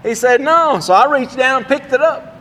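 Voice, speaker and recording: Male pastor, very high voice, folksy sermon storyteller, long hall echo. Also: fairly quick, fairly bright tone.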